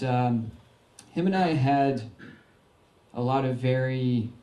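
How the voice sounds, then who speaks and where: A young adult veteran from Arkansas gives an informal public slideshow talk in a folksy, earnest way, stumbling through fillers and restarts. His medium-pitched voice is mellow and dark, and the room echoes around him.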